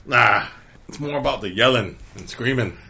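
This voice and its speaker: A man's voice: medium pitch, normal speed, bright, forceful tone, highs cut off, slight background noise. A man co-hosting a podcast in casual chat, laid-back and profane, laughing often. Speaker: podcast co-host.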